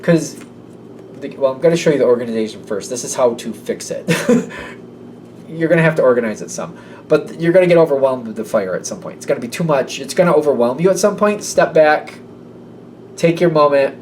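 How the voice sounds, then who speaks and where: A man gives a casual, rambling tarot reading, occasionally acting out little voices. His mid-range voice is animated, a little mellow and slightly fast. The mic is a bit distant, with faint room noise.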